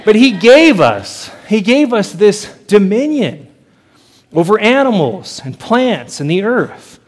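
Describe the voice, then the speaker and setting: A man's voice: high voice, sing-song, takes it slowly. A man preaching a sermon to a congregation, earnest and building his points through repeated phrases. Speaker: pastor.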